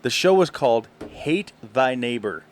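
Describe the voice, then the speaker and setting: A man's voice: medium pitch, lively intonation, measured pace. A man co-hosting a podcast, telling a long story in casual chat and laughing often. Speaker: podcast co-host.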